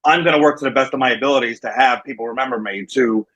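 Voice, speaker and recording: Man, New Jersey accent, casual interview guest, storytelling, middling pitch. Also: quick pace, fairly bright tone, low-quality recording. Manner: storytelling, acting out quoted voices. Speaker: wrestling manager, guest. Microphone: remote call.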